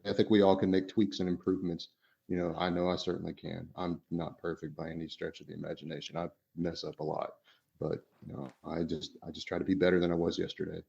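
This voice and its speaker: A man's voice: low voice, gravelly, mellow, muffled recording. A man co-hosting a podcast as a father, talking casually and rambling, full of "you know" fillers and restarts.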